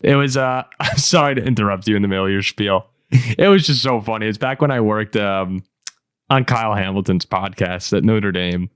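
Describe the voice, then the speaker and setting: Man, 20s, podcast co-host, animated, laughing storyteller, casual sports chat, dry close sound. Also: lowish voice, normal speed, clean tone, dry recording.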